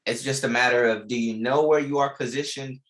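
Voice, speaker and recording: A man's voice: medium pitch, steady tone, brisk, a bit bright. A young man teaching a live online trading class, repeating key lines with emphasis and casual slang. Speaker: trading instructor.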